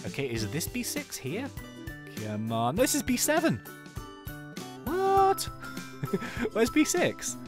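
A man's voice: high-pitched, huge pitch swings, takes it slowly, pauses often, over music. A man giving casual, playful game commentary, thinking aloud as he plays. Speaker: gaming YouTuber.

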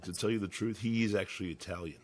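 A man's voice: fairly low pitch, fairly even intonation, fast talker, heavy background noise. A man in his sixties with an Australian accent, a podcast guest talking bluntly and profanely over a video call, laughing often. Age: 60s. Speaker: podcast guest, motorcycle writer. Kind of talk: casual video-call chat.

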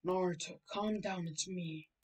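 Calm patient ninja teacher, done by a woman. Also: lowish voice, unhurried, husky, distant mic. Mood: soothing. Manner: calm, reassuring.

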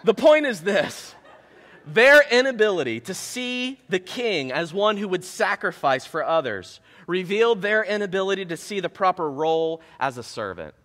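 Man, pastor, sermon, high bright voice, lively storytelling, self-mocking, long church reverb. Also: normal speed, a faint crowd. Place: church sanctuary.

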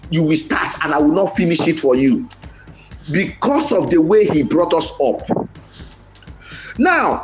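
A commentator with a Nigerian accent, giving impassioned voice-note commentary, dramatic and lamenting, repeating phrases and exclaiming. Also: mid-range voice. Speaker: online commentator.

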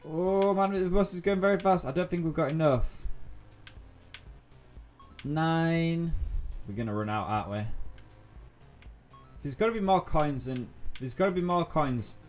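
A young adult man giving let's-play commentary, excitable and thinking aloud, often repeating himself as he plays. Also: a little high, unhurried, long pauses. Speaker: gaming YouTuber. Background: faint game music.

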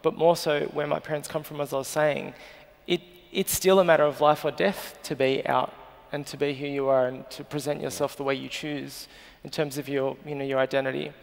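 An Australian man in his thirties appears as a journalist guest in a live stage interview at a festival, speaking earnestly and with emotion. His voice is a little high and gravelly, with little pitch movement, a slightly fast pace, and few pauses. The recording has a long hall reverb.

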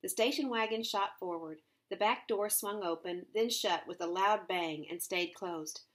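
A woman's voice: medium pitch, a little slow, fairly bright tone. Woman, read-aloud storytelling, conversational asides, hesitant fillers. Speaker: reader. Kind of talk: reading a novel aloud with recaps.

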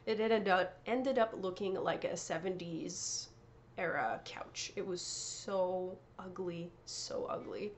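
A woman's voice: lowish voice, takes it slowly, a little hiss or hum. A woman hosting a knitting podcast, chatting casually and showing off her yarn and prizes, often correcting herself and laughing. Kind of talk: casual show-and-tell chat.

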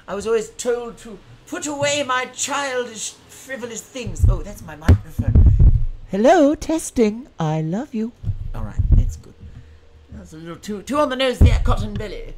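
A man's voice: very high voice, a bit bright, a little hiss or hum. A man hosting his first live stream, chatting casually in a playfully dramatic, self-mocking way. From United States.

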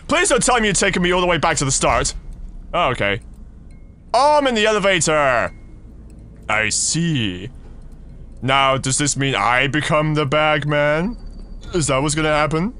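High-voiced guy doing a horror let's play, bright tone, super reactive. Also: measured pace, pauses often. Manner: excitable, reacting out loud to the game. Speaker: gaming channel host.

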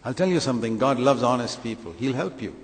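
A man's voice: mid-range voice, expressive, fast. Emphatic male preacher in a reverberant hall. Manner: emphatic, rhetorical questions, acts out quoted voices. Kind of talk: sermon.

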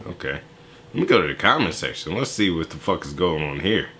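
A man's voice: very deep voice, animated, fairly quick, bright, forceful tone, slight background noise. A young man hosting a reaction video, giving casual, profane, joking play-by-play commentary. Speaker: YouTube reaction host.

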